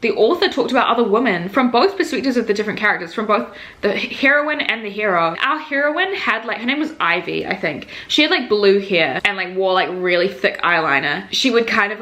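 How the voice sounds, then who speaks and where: A young woman in her twenties chatting casually as a book vlogger, full of "like" fillers and animated mock quotes. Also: mid-range voice.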